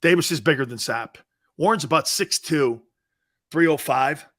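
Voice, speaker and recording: Sports-talk host: middle-aged American man, bright forceful delivery, pitched a bit high, rowdy and animated. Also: moderate pace. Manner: animated, loud bursts, laughs a lot. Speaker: sports talk show host reading live chat. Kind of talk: casual live sports talk.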